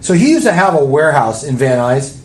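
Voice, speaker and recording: A man's voice: on the high side, big pitch swings, fairly quick, roomy sound, a little hiss or hum. A man telling a story in casual podcast chat, rambling and swearing freely. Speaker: podcast co-host.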